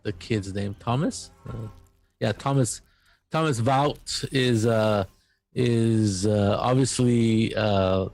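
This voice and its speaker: A man with a gravelly voice narrates a tabletop role-playing game as game master. He talks haltingly, with frequent fillers and restarts. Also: lowish voice, darkish tone, soft background music.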